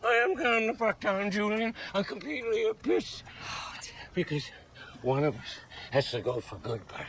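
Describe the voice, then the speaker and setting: An actor playing a drunk, belligerent middle-aged trailer park supervisor in a TV comedy. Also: male voice, sits high, big pitch swings, moderate pace, fairly bright tone, slight background noise. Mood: threatening. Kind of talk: TV comedy acting.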